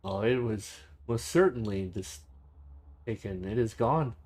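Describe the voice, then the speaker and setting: A man's voice: on the low side, animated, measured pace, a little mellow. A man voicing a tall, scarred, rail-thin male stranger who speaks politely and formally in a tabletop game. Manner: polite, formal, easily flustered.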